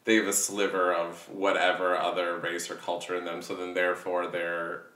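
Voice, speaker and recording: Rambling male co-host, bright tone, a little distant from the mic. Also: low voice, normal speed. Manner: animated, rambling, filler-heavy, laughs often. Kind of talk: casual chat. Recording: echoey room, mic at a distance.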